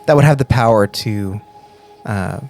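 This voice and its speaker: Halting male game master. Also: on the low side, gravelly, darkish tone. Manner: halting, with many fillers. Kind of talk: narrating a tabletop game.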